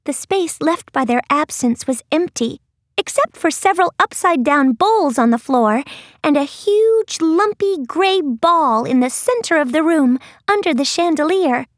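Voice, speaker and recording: High-voiced lady reading a kids' fantasy audiobook, slow and expressive, dry close mic. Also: no echo. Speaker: audiobook narrator. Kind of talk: scripted narration.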